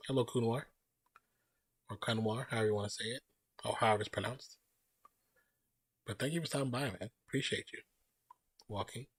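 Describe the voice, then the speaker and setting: A man's voice: medium pitch, fast, pauses often, breathy edge, no echo. A man hosting a live stream, chatting loosely and greeting viewers as they join. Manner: relaxed, rambling, greets chat viewers by name. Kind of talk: casual live stream chat.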